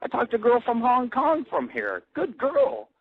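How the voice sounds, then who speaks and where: A man's voice: extremely high pitch, wildly swooping pitch, normal speed, slightly rough, no room sound, narrow, tinny audio. A man hosting an internet radio show, rambling bluntly and swearing constantly in a casual monologue. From grew up in an Italian-American family.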